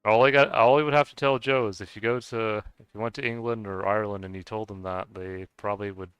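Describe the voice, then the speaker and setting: Rambling, stammering man with a bright voice. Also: fairly low pitch, steady tone, quick pace, clean tone, dry recording. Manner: rambling, stammering restarts, laughs often. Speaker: streamer. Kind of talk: casual chat with viewers while gaming.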